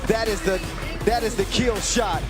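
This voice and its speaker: High-voiced hyped basketball commentator man. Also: steady tone, moderate pace, over music. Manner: shouting, hyped calls with rhymes and wordplay. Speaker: play-by-play commentator.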